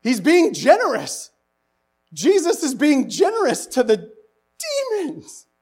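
A man preaching a sermon, animated and asking the congregation rhetorical questions, his voice rising to near-shouts for emphasis. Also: extremely high pitch, takes it slowly. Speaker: pastor.

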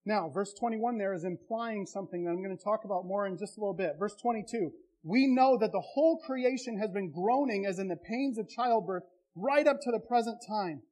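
A man's voice: high voice, a little fast, a little mellow. A man preaching a sermon as a pastor, conversational and impassioned by turns.

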